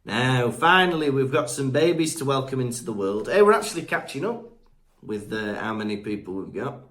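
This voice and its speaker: A man's voice: medium pitch, expressive, fairly quick, a bit bright. A man co-hosting a podcast, reading listener reviews aloud in a chatty way with fillers, stumbling over names. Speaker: podcast co-host. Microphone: remote podcast mic.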